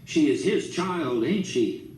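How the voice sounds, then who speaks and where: A man voicing a drunk, raging middle-aged father who shouts and curses. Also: medium pitch, normal speed, lightly acted. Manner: shouting, slurred cursing. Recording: roomy, distant mic, faint background noise.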